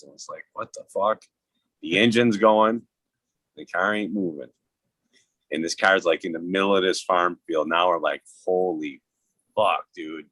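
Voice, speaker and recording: A man in his fifties with a very deep voice tells loose, swearing stories. The recording is dry and close, with no room sound. He laughs as he goes. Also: a bit bright, dry recording. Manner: rambling and profane, laughs at his own stories. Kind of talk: casual storytelling chat.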